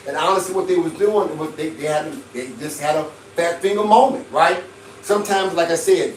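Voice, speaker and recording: A man, hosting a livestream, giving casual advice and telling stories with chuckles and a preachy lilt. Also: on the high side. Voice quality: preachy, storytelling, chuckles often. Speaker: livestream host. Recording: roomy, distant from the mic, faint background hiss.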